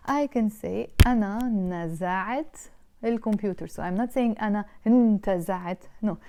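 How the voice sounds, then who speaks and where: A woman with a Lebanese accent teaching Arabic online, explaining patiently and repeating words slowly. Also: medium pitch, noisy background. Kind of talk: online language lesson.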